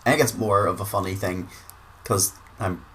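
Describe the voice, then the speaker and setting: A man's voice: low voice, normal speed, pushed and bright, slight background noise. A man with a Northern Irish accent giving casual gaming commentary, chatty, swearing freely and repeating words for emphasis. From Northern Ireland. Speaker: gaming video creator.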